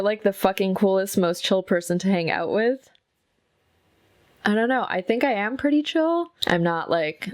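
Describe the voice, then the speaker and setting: A woman's voice: lowish voice, darkish tone, dry recording. A young woman, a makeup artist, chatting candidly at home with a close mic, swearing freely. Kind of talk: casual chat. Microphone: close mic with soft, intimate pickup.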